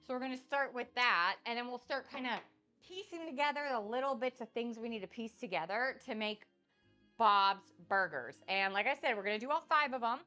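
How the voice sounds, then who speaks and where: A woman cooking on a live stream, chatting in an excitable, bubbly way with a slight lisp. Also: fairly high pitch, quick pace, lo-fi sound, faint music behind. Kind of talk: casual live-stream chat.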